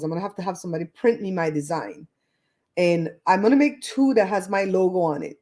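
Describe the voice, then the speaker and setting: A woman's voice: mid-range voice, warm tone. A woman in her fifties, originally from Belize, hosting a casual livestream chat in a blunt, candid, cussing way. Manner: blunt, profane, candid storytelling. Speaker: host.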